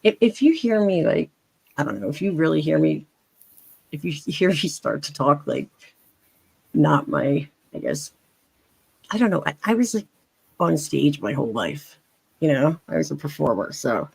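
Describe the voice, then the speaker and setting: A woman's voice: low-pitched, animated, normal speed, gravelly, pauses often, slightly rough, no echo, rough recording. A woman with a faint Philadelphia accent, chatting as a panelist in a rambling, chatty way with many restarts. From Philadelphia area. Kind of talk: casual chat.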